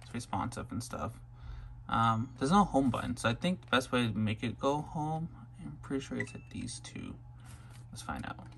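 Gravelly monotone young man, awkward vlogger. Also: mid-range voice, moderate pace. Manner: monotone, awkward, many ums. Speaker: unboxing vlogger. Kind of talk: casual unboxing vlog. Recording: faint background noise.

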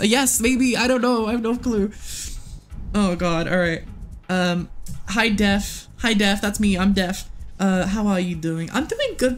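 Streamer, casual game commentary, excitable, foul-mouthed, medium pitch. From United States. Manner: excitable, swears often, talks to the game and chat. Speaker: livestreamer. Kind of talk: casual live gameplay commentary.

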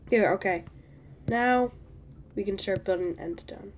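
A young woman commenting on her own gameplay, often exasperated and yelling at a teammate. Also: medium pitch, lively intonation, normal speed. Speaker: gaming youtuber.

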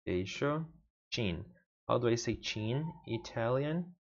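Portuguese-native man, very slow, repetitive self-study drills; dull lo-fi home recording. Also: medium pitch, lively intonation. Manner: repeats words aloud over and over, mutters to himself. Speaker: language learner. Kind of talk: casual self-study practice.

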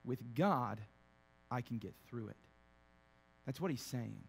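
A man's voice: medium pitch, slow pace, creaky, in a large hall. A young man preaching a casual, humorous sermon as pastor, acting out quotes in playful voices. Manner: animated, acts out quotes with funny voices.

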